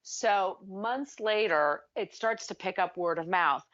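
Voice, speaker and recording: A woman co-hosting a podcast in casual chat, animated and acting out scenes as she retells them. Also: medium pitch, slow, highs cut off. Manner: animated, acts out movie characters with shouting. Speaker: podcast co-host.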